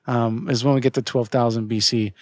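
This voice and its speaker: Male podcast co-host, casual halting delivery, dry close sound. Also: medium pitch, steady tone, no echo. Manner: hesitant, many fillers and restarts. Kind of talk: casual game discussion.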